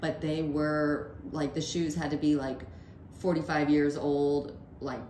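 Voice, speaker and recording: A woman co-hosting a podcast, telling stories in casual chat and acting out the people she quotes with lively jumps in her voice. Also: a little slow. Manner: animated, acts out quoted voices with big pitch jumps. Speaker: podcast co-host. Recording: echoey room with faint noise.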